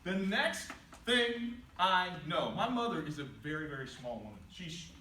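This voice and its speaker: Animated man telling stories to a hall. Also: a little high, a little slow. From West Virginia. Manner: animated, acts out quotes with voice changes. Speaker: motivational speaker. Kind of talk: inspirational speech with storytelling. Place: large hall before a live audience. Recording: roomy, distant, noisy live hall recording.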